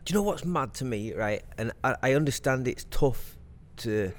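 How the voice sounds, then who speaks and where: Man, podcast co-host, blunt, argumentative, swears a lot, middle pitch. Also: expressive, moderate pace. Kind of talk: casual chat.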